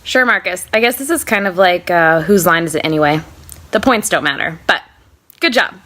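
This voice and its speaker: A woman's voice: lowish voice, animated, fairly quick, a bit bright. An American woman co-hosting a casual podcast, running a game in a playful, teasing way and laughing often. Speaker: co-host running a game segment.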